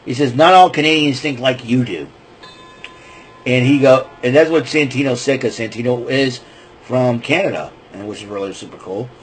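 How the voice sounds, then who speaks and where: A man's voice: mid-range voice, normal speed, slight background noise, low-quality recording. A man hosting a podcast, casually retelling wrestling events in a loose, rambling way with lots of fillers and restarts. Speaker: podcast host.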